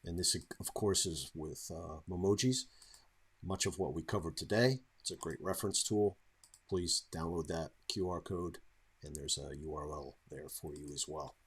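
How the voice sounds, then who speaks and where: A man's voice: low-pitched, normal speed, husky. A man hosting a live webinar and reading out viewer questions, with a hesitant delivery full of fillers. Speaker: webinar host. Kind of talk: moderating live Q&A.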